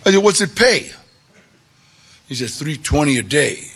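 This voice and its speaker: Gravelly animated man telling his story. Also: fairly high pitch, a little slow. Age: 40s or older. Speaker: guest storyteller. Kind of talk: personal story told to an audience.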